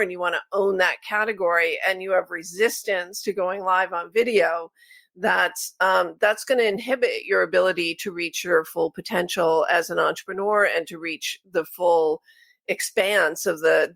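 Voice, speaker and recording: A woman hosting a podcast interview, explaining her points in a steady way. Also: lowish voice, creaky, no echo. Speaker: podcast host.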